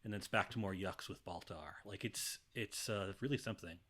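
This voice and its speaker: A man's voice: low voice, brisk, a bit bright. A man co-hosting a podcast, chatting casually and animatedly, acting out quotes from a show with laughs. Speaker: podcast co-host. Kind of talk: casual chat.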